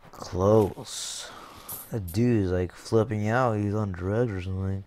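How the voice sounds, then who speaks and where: A young man giving jokey let's-play commentary over a game, excitable, with sudden yelps and shouts. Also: fairly low pitch, slow pace, no echo, clean studio sound. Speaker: gaming YouTuber.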